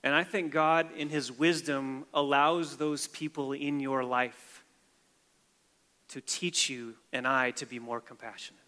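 Male pastor, sermon delivery, bright tone, dynamic from hushed to emphatic, long hall echo. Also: mid-range voice, fairly even intonation, a little slow. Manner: preaching with emphatic rises and quiet, hushed stretches.

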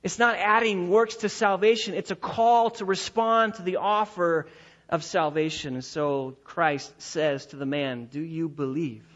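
A pastor delivering a sermon in a church, emphatic and repeating key phrases, slowing down to stress his points. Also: high-pitched, a bit bright. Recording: dull lo-fi recording.

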